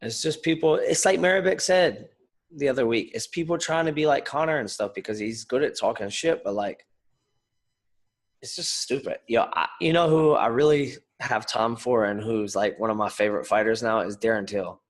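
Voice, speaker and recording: A man co-hosting a casual podcast, talking in an animated, rambling way and swearing freely. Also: mid-range voice, moderate pace. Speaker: podcast co-host, fighter. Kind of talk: casual chat.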